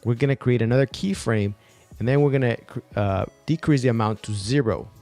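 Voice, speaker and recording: A young man hosting a software tutorial in an upbeat, casual way, with fillers and restarts. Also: mid-range voice, fairly quick, faint music behind. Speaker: video tutorial host.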